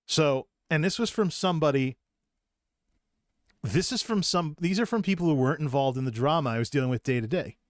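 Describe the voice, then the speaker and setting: A man's voice: a little high, brisk, no room sound, studio quality. A middle-aged man from Massachusetts telling a rambling, self-deprecating story about his own life in a vlog. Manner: rambling, self-deprecating, with frequent restarts and chuckles. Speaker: vlogger. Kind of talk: personal storytelling monologue.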